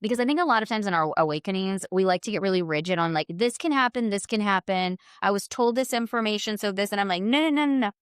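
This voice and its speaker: Woman podcast guest, storyteller, lively quoting voice, dry close mic. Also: quick pace, few pauses, clear, resonant tone, no room sound. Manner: animated, voices quotes in a high excited pitch. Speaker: podcast guest, spiritual healer. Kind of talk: casual storytelling.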